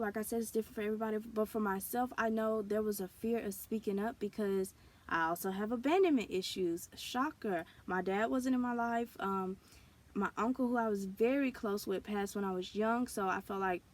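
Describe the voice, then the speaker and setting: A woman vlogger speaking in an earnest, confessional way, sharing personal experiences in a casual talk to camera. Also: mid-range voice. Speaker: spiritual wellness vlogger. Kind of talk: candid personal vlog talk.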